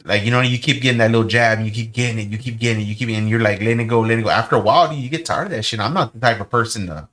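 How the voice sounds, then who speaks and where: A man's voice: mid-range voice, rapid-fire, few pauses, fairly bright tone. A man in a casual podcast chat, talking tough and swearing bluntly.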